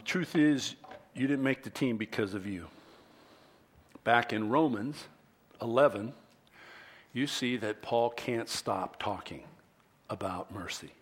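A pastor with a mid-range voice preaches a sermon conversationally. He often restarts his sentences and acts out what his listeners might be thinking.

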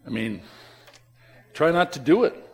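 Male pastor, sermon delivery, slightly higher voice, unhurried and emphatic, talks straight to his congregation. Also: very animated, slightly rough. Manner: emphatic, swings between loud stresses and soft drops; conversational, with restarts and asides to the congregation.

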